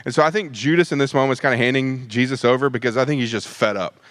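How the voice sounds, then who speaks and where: A man leading a midweek Bible study, conversational and animated, acting out the disciples' lines. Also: mid-range voice, quick pace, no room sound.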